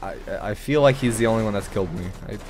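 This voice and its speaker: A young man giving casual gameplay commentary, excitable and swearing, with sudden loud outbursts. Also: fairly low pitch, fast, noisy background. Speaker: gaming channel host.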